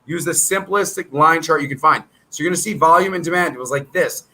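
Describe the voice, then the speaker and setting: Brief: middle-aged man, high bright voice, pushy rambling monologue host. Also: quick pace, rough recording. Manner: rambling, salesy and combative. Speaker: trading educator hosting his own channel. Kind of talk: casual monologue to viewers.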